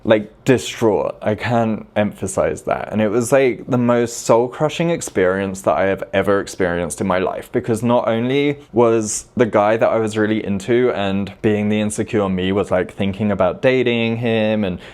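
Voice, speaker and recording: A man in his late thirties tells his own story straight to camera in a rather low voice. He speaks in a confessional way and leans on repeated words for emphasis. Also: moderate pace, few pauses, a little mellow. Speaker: vlogger.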